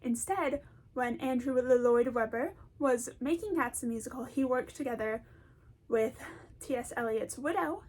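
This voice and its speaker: A woman's voice: high-pitched, unhurried, darkish tone. A woman talking in a casual, rambling commentary, chatty and self-deprecating, often breaking into laughter. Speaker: video essayist.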